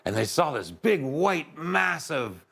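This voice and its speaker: A man telling a story aloud to children, expressive, with sound effects and asides to his listeners. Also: on the high side, slow, creaky, slightly rough. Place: live event space.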